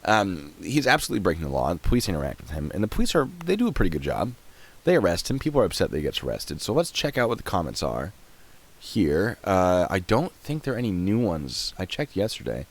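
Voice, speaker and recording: A young man giving casual live-stream commentary, chatty and quick to laugh, often trailing off while he clicks around. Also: low voice, huge pitch swings. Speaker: streamer reacting to videos and chat.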